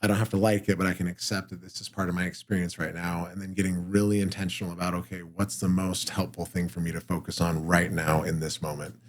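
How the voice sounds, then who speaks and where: A man working as a performance and mental health coach, explaining ideas calmly and steadily in an interview. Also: low-pitched. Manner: calm, measured explaining. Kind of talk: interview guest conversation. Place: podcast studio room.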